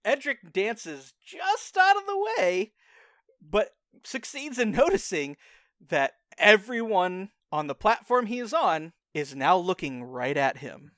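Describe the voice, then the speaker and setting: Male game master, animated and laughing, lively higher voice, dry sound. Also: takes it slowly, dry recording. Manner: animated, laughs often, thinks aloud with restarts. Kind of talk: narrating a tabletop game.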